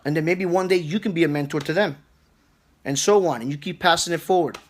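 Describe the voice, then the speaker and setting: A fairly high-voiced man rants on a live stream, blunt and profane, firing off short punchy phrases to his viewers. His voice sits high for a man. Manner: blunt, profane, rapid-fire talk. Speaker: political livestream host. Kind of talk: profane casual rant to viewers.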